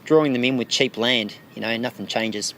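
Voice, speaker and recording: A man's voice: medium pitch, moderate pace, fairly bright tone, a little hiss or hum. An Australian man answering radio interview questions as a featured artist, with dry, wry asides.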